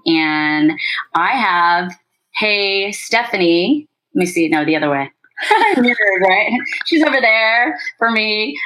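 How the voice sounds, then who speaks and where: A woman's voice: medium pitch, pushed and bright, poor audio. A woman hosting a marketing podcast, chatting casually and upbeat with her guest and laughing often. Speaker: podcast host. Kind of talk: casual interview chat.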